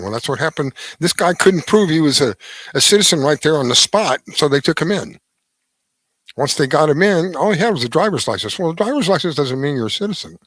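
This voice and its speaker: A middle-aged man delivers a rambling radio monologue on a close studio mic with a dry, deadened sound. His voice sits a little high and leaps up and down for emphasis. He often stumbles and restarts mid-sentence. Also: lively intonation, brisk, fairly bright tone, no room sound, poor audio. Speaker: radio show host. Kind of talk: opinion monologue.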